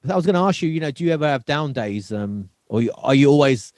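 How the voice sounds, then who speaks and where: A man's voice: medium pitch, expressive, quick pace. A man hosting a podcast, asking supportive questions with some hesitation. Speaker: podcast host. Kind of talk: casual interview chat.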